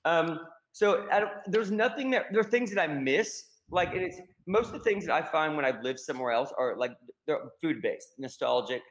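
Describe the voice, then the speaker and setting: A guest actor from the American South with a Southern accent, telling rambling, self-deprecating stories in a casual podcast chat. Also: male voice, a little high, normal speed, hardly any pauses, poor audio.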